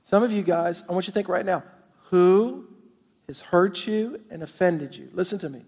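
High, gravelly man preaching in a big hall. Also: normal speed. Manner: animated preaching, direct address to the congregation. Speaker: pastor. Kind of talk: sermon. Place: large church auditorium. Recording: long hall reverb.

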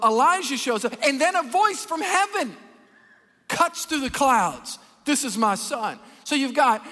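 High-voiced animated man preaching in a hall. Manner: animated, folksy, acts out Bible characters. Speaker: pastor. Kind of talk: sermon. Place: large church hall. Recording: long reverb of a church hall.

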